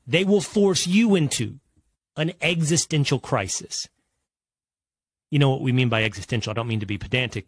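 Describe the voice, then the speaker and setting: A man from the United States giving an emphatic opinion monologue as a political commentator, full of rhetorical questions and drawn-out stresses. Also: medium pitch, no room sound.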